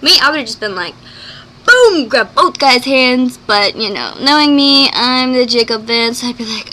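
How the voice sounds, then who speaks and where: A woman talks into her camera in a loose, gushing vlog style, her voice sitting a little high and sounding bright. She piles up "like" and jumps into acted quotes, with a faint hiss behind her. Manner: fast, gushing, full of "like"; excitable, acts out quoted lines. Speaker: vlogger. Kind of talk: casual vlog chat reviewing a movie.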